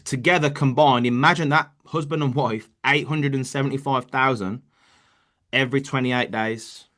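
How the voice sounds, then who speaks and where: A man's voice: mid-range voice, sharp tone. A man leading a motivational call about network marketing, talking casually with lots of restarts and "bro" and "man.". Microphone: online call.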